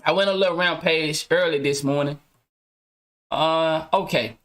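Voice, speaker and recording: A man's voice: fairly high pitch, fairly even intonation, moderate pace, fairly bright tone. A man hosting his own podcast, ranting casually to viewers with loose slang, heavy cursing and frequent restarts. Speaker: podcast host.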